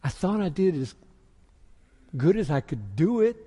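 A pastor preaching a sermon, moving from quiet musing into loud, intense emphasis. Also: male voice, on the high side, very animated, unhurried, breathy edge. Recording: echoey hall with long reverb.

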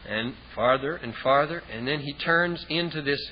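Guy preaching a sermon, tells it like a story, goes soft and low for the quotes, muffled old tape. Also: normal speed. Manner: storytelling with vivid scenes, dropping low and quiet for dialogue. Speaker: pastor. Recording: dull, hissy lo-fi recording.

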